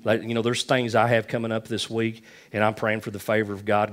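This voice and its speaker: A man's voice: lowish voice, little pitch movement, a little fast, hardly any pauses. A middle-aged man preaching a sermon, telling folksy stories with lots of repetition. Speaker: pastor.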